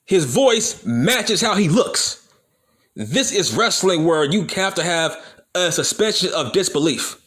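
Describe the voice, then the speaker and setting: Here the wrestling YouTuber's voice is high and animated, a bit bright, with a measured pace. He vents to his audience in a heated, foul-mouthed opinion piece, circling back to the same points to drive them in.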